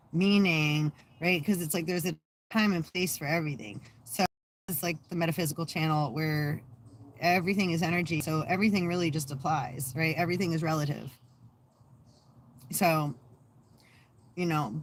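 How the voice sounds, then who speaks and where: In a casual vlog, a woman hosting her own channel talks sarcastically, swears freely and laughs often, trailing off into fillers and restarting. Her voice sits low, with slight background noise.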